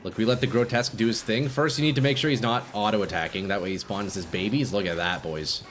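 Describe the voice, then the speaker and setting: A man's voice: fairly low pitch, fast, a bit bright, a little hiss or hum. A young man streaming a game live, chatting casually with viewers and swearing freely. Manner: laid-back, swears freely, chats with viewers.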